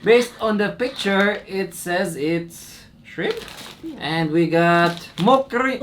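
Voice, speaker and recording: A woman's voice: mid-range voice, slow. A woman from the Philippines hosting a casual vlog, chatty and joking about her own pronunciation. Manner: chatty, laughing at own mispronunciations. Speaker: vlogger host. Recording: clear background noise.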